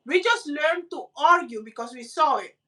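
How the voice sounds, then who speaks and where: A Caribbean woman co-hosting a casual chat, telling stories with lively voice impressions. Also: moderate pace, recorded from a distance. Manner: animated storytelling, acts out voices with high squeaky pitch jumps. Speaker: podcast co-host.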